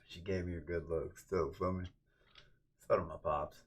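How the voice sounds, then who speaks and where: A man's voice: sits low, fairly even intonation, moderate pace. A man chatting casually on a livestream, rambling and ranting, cursing freely and thanking viewers.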